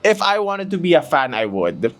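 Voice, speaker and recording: A Filipino-accented man hosts a casual podcast from a room at home, his pitch swooping wildly up and down in a slightly high voice. He chats and mocks himself through fumbled retakes while hot and sweaty. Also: big pitch swings, moderate pace, fairly bright tone. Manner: chatty and self-mocking, fumbling retakes. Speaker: podcast host. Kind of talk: casual chat mixing English and Tagalog.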